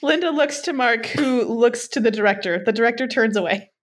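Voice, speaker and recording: A woman reading a comedy sketch's stage directions, deadpan with giggles between. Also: a little high, fairly quick. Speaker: narrator of sketch.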